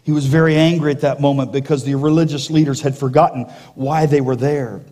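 A male pastor preaching a sermon, slowing down and dropping to a hush for emphasis, with jokey asides to the congregation. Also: on the high side, steady tone. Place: church sanctuary. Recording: long reverb of a large hall.

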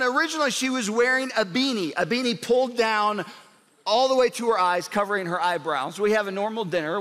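A man in his forties preaching a sermon and telling a story, animated, and he drops low and soft for drama. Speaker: pastor. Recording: long hall reverb.

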